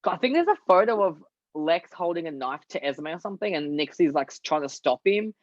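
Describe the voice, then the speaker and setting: A man's voice: on the high side, big pitch swings, brisk, no room sound. Laid-back man on a dull, dry line. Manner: laid-back, speculating, many "like"s. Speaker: co-host of a TV discussion show. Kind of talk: casual chat.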